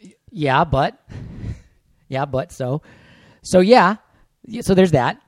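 Grumbling man with a lively pitch. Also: slow pace, dry recording. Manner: grumbling, self-deprecating, laughs it off. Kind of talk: casual chat with spouse.

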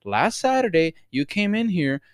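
A man in casual podcast chat, animated and swearing, often breaking into impressions. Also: high voice, moderate pace, no echo, studio quality. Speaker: podcast co-host.

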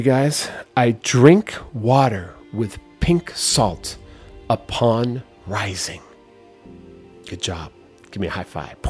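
A man hosting a health show, coaching listeners with energetic motivational talk and leading them through repeated affirmations. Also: lowish voice.

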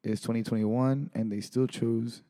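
Rambling podcast guy, mellow voice. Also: medium pitch, steady tone, unhurried. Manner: rambling, self-deprecating, many restarts. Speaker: podcast co-host. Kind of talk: casual movie chat.

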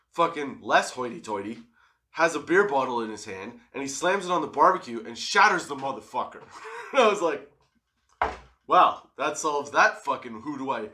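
A young man casually telling a profane story, laughing often. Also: a little high. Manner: profane, laughing, animated retelling.

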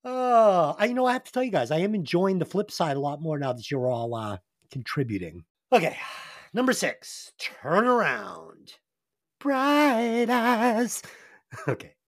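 A man's voice: fairly high pitch, normal speed, no room sound, studio quality. A man hosting a podcast, telling crude stories with heavy swearing and reviewing an album. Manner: profane, animated storytelling. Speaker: podcast host.

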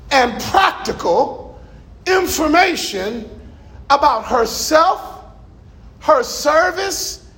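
A middle-aged male pastor preaching a sermon in a church, emphatic and folksy, now and then shouting a stressed word. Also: extremely high pitch. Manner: folksy asides to the congregation.

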